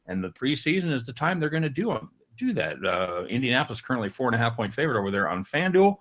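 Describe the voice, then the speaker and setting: Lively joking host from Kansas City. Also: male voice, medium pitch, fast. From Kansas City, USA. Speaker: show host. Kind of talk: casual sports betting chat.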